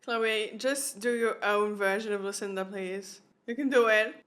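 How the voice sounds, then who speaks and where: A woman's voice: mid-range voice, measured pace, a bit bright. A woman hosting a reaction video, chatty and laughing, talking back to the screen. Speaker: reaction channel host. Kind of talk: casual reaction commentary.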